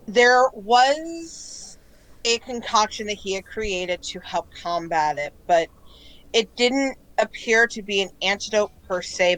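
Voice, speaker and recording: A woman narrating a tabletop role-playing game as game master, relaxed and hesitant with frequent ums. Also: medium pitch, poor audio.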